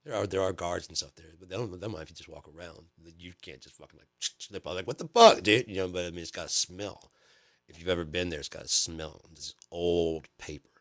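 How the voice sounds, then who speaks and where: Deep-voiced man, rambling and profane. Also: steady tone, fairly quick, a bit bright, dry recording. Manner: profane, rambling, lots of fillers and repeats. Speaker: channel host. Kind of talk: casual rambling chat.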